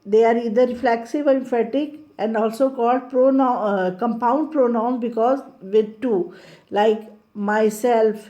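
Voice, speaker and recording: Slow-paced woman teaching grammar. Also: fairly high pitch, a little mellow. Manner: slow, explaining step by step with repetitions. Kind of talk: grammar lesson.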